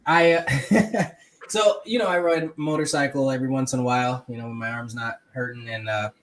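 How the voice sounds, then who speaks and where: A man's voice: medium pitch, fairly quick, fairly bright tone. A man on a casual chat telling a story in an easygoing way.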